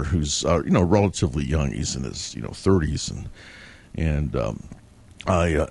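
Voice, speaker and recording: A man's voice: low voice, a little mellow. A man telling the story of a dream in a casual monologue, meandering and reflective as he retells it.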